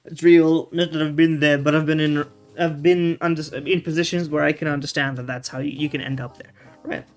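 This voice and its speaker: Faint game music plays behind a streamer whose voice sits on the high side, steady and brisk. His gameplay commentary is casual and rambling, full of restarted sentences, loose slang and the odd curse.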